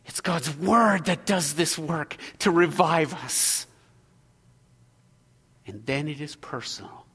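A man preaching a sermon as pastor, earnest, moving between loud exhortation and hushed prayer. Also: a little high, expressive, takes it slowly, pauses often, breathy edge, long reverb tail.

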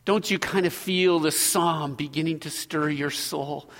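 A man preaching a sermon as pastor, earnest, moving between loud exhortation and hushed prayer. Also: fairly high pitch, steady tone, a little slow, big-room sound.

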